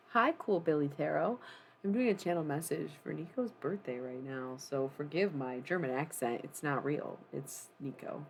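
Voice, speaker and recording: A streamer who calls himself a necromancer chats casually on a live stream while retelling a singer's life story, rambling into offhand asides to his chat. His voice is medium in pitch and pace and creaky, with a slight hiss or hum in the audio.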